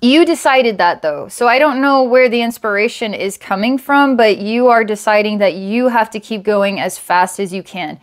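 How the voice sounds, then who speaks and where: Hesitant woman giving a psychic reading. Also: on the high side. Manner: halting, searching, many fillers and repeats. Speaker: psychic reader.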